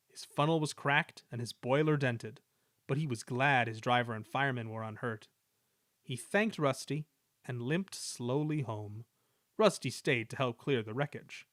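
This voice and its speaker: A man reading a children's railway story aloud in a measured, expressive way. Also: mid-range voice, dry recording, clean studio sound. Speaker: reader.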